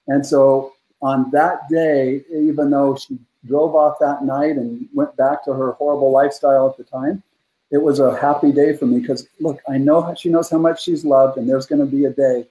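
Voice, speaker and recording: A man's voice: mid-range voice, level tone, moderate pace, warm tone. A man in his fifties, a guest coach on a podcast, telling a personal family story in a heartfelt, earnest way with frequent fillers. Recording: roomy echoey room.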